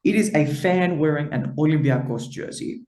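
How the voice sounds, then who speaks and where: A man's voice: on the high side, moderate pace, darkish tone, echoey room. A man of the Greek diaspora co-hosting a podcast, reading a wrestling recap with lots of "uh" and "um". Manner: reads recap with many fillers. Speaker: podcast co-host.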